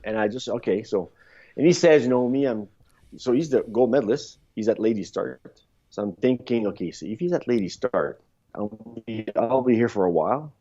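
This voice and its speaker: A man in his fifties, a podcast guest, telling rambling, animated stories in a casual interview, with frequent restarts. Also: mid-range voice, normal speed. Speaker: podcast guest, former luge athlete. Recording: dull lo-fi sound.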